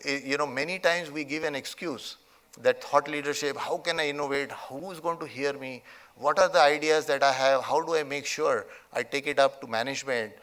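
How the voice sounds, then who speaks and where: A man's voice: fairly high pitch, fairly even intonation, a little fast, fairly bright tone. A middle-aged man with an Indian accent giving a motivational convocation speech, emphatic, often adding "okay?" and "you know". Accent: Indian English. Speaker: convocation chief guest speaker. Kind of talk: motivational speech with a told story. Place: large convocation hall.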